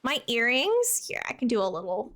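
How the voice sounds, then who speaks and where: Bubbly high-voiced young woman streamer. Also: huge pitch swings, moderate pace, a bit bright. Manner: bubbly, chatty, thanks and answers viewers. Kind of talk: casual live-stream chat while playing.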